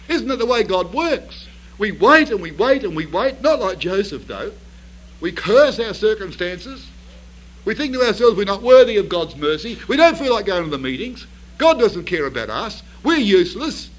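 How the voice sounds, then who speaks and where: High-voiced man preaching a sermon. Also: big pitch swings, moderate pace, low-quality recording. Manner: storytelling with rhetorical questions, builds to emphatic bursts.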